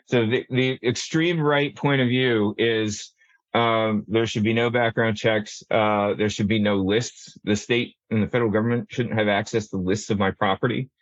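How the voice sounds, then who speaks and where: A man's voice: on the low side, steady tone, normal speed, no room sound, dull audio. A man talking through a policy discussion, rambling with many restarts and fillers. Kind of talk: casual panel discussion.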